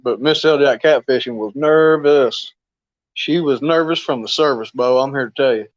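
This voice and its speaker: A man's voice: mid-range voice, moderate pace, no room sound. Folksy male fishing streamer, rambling and chuckly; dry, dull lo-fi audio. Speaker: fishing live stream host. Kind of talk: casual live stream chat.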